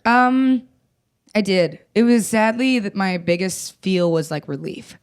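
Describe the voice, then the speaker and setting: A woman's voice: medium pitch, measured pace, clear, resonant tone. A young adult woman comedian telling stories in casual chat, blunt and profane, self-mocking and often laughing. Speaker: comedian guest.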